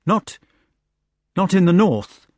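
An anguished old king, as a male narrator voices him, speaks in urgent, pleading bursts. The voice sits high and loud, husky and close with no room around it. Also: very animated, slow, no echo, full character voice. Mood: agitated. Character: anguished aging male king, agitated and remorseful.

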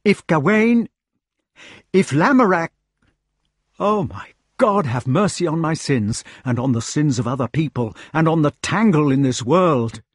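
A man's voice: fairly high pitch, expressive, measured pace, dry recording, clean studio sound, pitched above the performer's own voice. A man playing an anguished, agitated king. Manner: urgent, pleading outbursts. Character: anguished aging male king, agitated and remorseful.

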